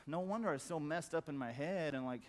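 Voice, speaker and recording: Blunt, profane man giving a fired-up talk. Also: fast. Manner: blunt, profane, emphatic repetition; acts out quoted voices in a loud high squawk. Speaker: conference speaker. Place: conference hall.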